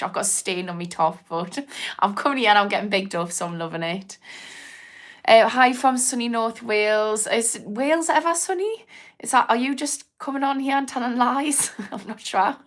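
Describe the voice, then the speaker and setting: A woman's voice: mid-range voice, normal speed. A young woman with a Geordie accent chatting casually on a livestream, rambling and laughing, reading out viewer comments. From Newcastle, England. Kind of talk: casual live chat.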